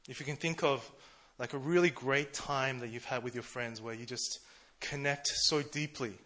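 A man preaching a casual, conversational sermon, chatty and quick to laugh at himself. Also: mid-range voice, pushed and bright. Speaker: preacher, church treasurer.

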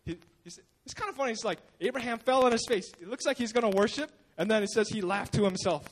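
Here a high-voiced male pastor talks fast during a casual church sermon. He narrates informally, slipping into the voices of the people he quotes and filling his speech with fillers.

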